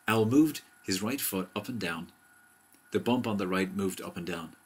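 A man with a deep, low voice reading a bedtime story aloud. His delivery is gentle and even, a steady storyteller pace for a children's book. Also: moderate pace, slight background noise.

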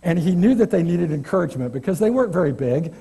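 A man's voice: high-pitched, animated, fast talker, creaky, mellow, husky. A man preaching an informal, chatty church sermon as a guest preacher, self-deprecating and often restarting his sentences. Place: church sanctuary.

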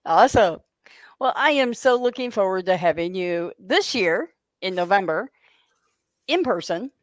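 A woman at a middle pitch hosting an author interview. Her voice sounds dry and close. She keeps things friendly with short, encouraging replies. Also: expressive, a little slow, no room sound. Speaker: interviewer host. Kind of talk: casual interview chat.

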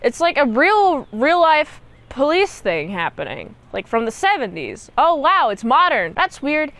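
A woman's voice: high-pitched, very animated, unhurried, fairly bright tone. A young woman giving a casual movie recap and review, chatty and slangy, peppered with "like" and "dude".

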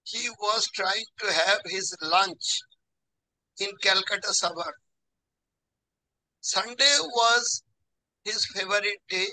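An older man in his seventies with a Bengali accent, hosting a talk and telling a doctor's story in the third person with slow pauses. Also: high voice, bright, forceful tone, rough recording. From India. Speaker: host.

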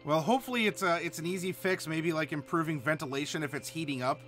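Bright-voiced chatty male streamer. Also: a little high, quick pace, soft background music. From Ohio, USA. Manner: chatty, reads chat aloud, many fillers. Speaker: streamer host. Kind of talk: casual live-stream chat.

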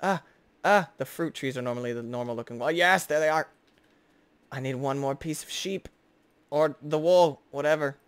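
A young man giving excitable, jokey gameplay commentary as host, chatting to the creatures on screen. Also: on the high side, normal speed, clear, resonant tone, dry recording. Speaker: gaming video host.

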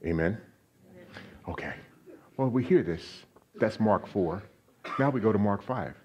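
A man preaching a sermon as a guest speaker in a church, animated, asking the congregation questions and raising his voice on quoted lines. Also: fairly low pitch, measured pace, muffled recording. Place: church sanctuary.

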